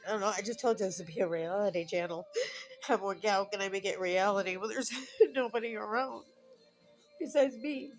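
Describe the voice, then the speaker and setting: A woman in her fifties, alone at home, records a rambling, emotional personal vlog and is tearful at times. Her voice is mid-range, and the audio quality is poor.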